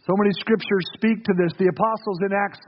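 A man's voice: sits high, steady tone, a little fast, highs cut off. A man preaching a sermon to his church, earnest and repeating key phrases for weight. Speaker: pastor.

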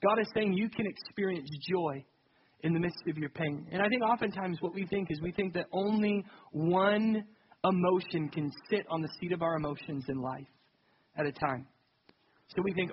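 A man's voice: sits high, a little fast, slightly rough, lo-fi sound. A young adult man preaching a sermon in a conversational, self-deprecating way that builds to emphatic peaks. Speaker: pastor.

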